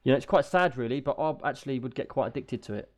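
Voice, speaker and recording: Male co-host, chatty storyteller, mid-pitched everyday voice, casual banter. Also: quick pace. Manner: chatty, animated anecdote telling. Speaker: podcast co-host.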